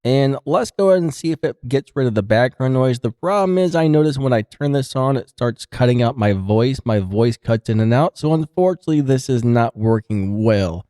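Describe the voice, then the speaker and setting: A man talks through a gear review in an easy, chatty way. His voice is mellow and dark, recorded close and dry on a studio broadcast mic. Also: medium pitch, moderate pace, few pauses, no room sound. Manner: relaxed, chatty explaining. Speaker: product reviewer. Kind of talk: casual product review demo. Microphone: studio broadcast microphone.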